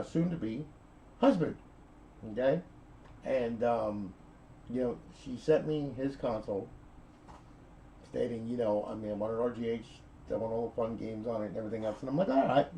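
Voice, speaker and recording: A man's voice: mid-range voice, normal speed, gravelly, long pauses, dark tone, slight background noise, poor audio. A middle-aged man telling a console repair story in a chatty, rambling way, checking in with okay and all right as he goes. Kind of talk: rambling casual video talk.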